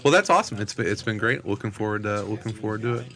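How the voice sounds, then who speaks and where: A man's voice: on the low side, expressive, very fast, a bit bright. A man hosting a podcast, steering a casual, teasing chat. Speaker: podcast host.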